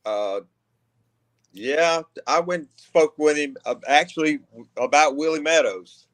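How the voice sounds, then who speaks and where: A man's voice: a little high, a little slow, a bit bright. A man in his sixties, a guest hesitantly and earnestly recalling an old story. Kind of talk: casual storytelling.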